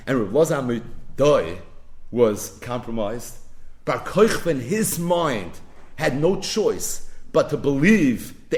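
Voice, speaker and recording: A man leads a storytelling Talmud lesson. His pitch leaps and dips freely as he dramatizes each turn of the story, then drives it up to emphatic, ringing peaks. His voice sits at an ordinary middle pitch between those climbs. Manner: animated, dramatic retelling, swelling to emphatic peaks. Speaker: Talmud lecturer.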